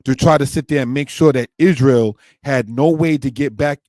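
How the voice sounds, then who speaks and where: A man's voice: mid-range voice, normal speed, warm tone, no echo. A man teaching a scripture lesson, often calling his listeners brothers and sisters, who reads passages aloud and comments on them. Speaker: Torah teacher.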